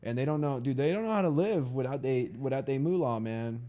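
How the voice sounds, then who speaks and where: A man's voice: medium pitch, brisk, mellow. A young man co-hosting a podcast, rambling in casual chat with many fillers. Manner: rambling, filler-heavy, says "like" a lot. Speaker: podcast co-host.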